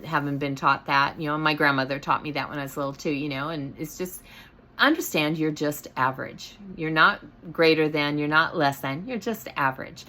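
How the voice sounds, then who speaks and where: Middle-aged lady, deep low voice, casual rambly storytelling, lots of um and you know. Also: bright, forceful tone. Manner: rambling, many fillers and restarts. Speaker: host.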